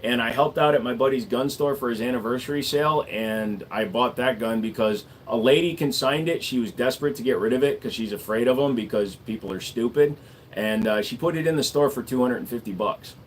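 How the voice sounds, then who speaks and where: A man's voice: mid-range voice, slight background noise. Laid-back wisecracking man. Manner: laid-back, wisecracking, drawn-out word endings. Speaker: gunsmith and livestream host. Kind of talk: casual livestream chat answering viewers.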